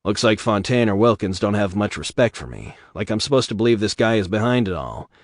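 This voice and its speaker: A man reading aloud, voicing a tough, sardonic male security chief with a gruff, wry delivery. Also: on the low side, lively intonation, fairly quick, no room sound, clean studio sound.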